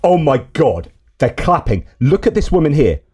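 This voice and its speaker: A man's voice: on the high side, big pitch swings, moderate pace, noisy background. A man giving exasperated, indignant political commentary while reacting to video clips.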